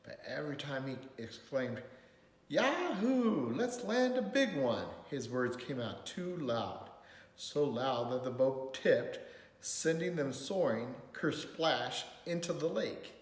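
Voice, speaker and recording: A man reading a picture book aloud in an expressive, lilting way. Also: mid-range voice, slow pace. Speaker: storyteller. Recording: roomy hall reverb.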